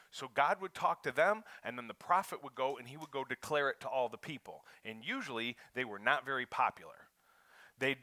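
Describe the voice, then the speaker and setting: An American man preaching as a pastor, moving from easy joking talk with the congregation to loud, emphatic sermon delivery. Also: mid-range voice, dry recording. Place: church sanctuary.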